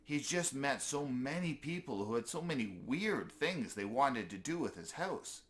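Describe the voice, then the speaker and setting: A man's voice: medium pitch, animated, moderate pace, hardly any pauses. A man reading a children's story aloud in an easygoing way, with small slips he corrects as he goes.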